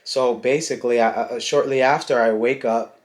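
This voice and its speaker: A man's voice: mid-range voice, steady tone, normal speed. Pastor guy telling his faith story to camera, unscripted, lots of ums and restarts, regular middle voice. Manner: unscripted, conversational, with fillers and restarts. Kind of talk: personal faith testimony told to camera.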